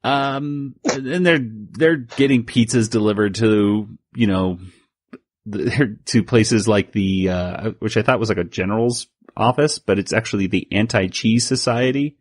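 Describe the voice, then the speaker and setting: A man co-hosting a podcast in casual chat, rambling through a comic recap and jumping into higher voices for quoted lines. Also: unhurried, breathy edge, no echo, clean studio sound. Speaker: podcast co-host.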